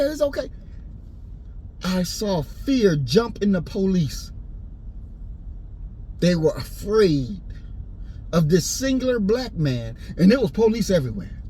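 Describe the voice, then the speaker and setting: A man delivering an impassioned, preachy rant and story, repeating his points and rising into shouts. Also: high-pitched, slight background noise, rough recording. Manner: preachy, repetitive, swings into shouting.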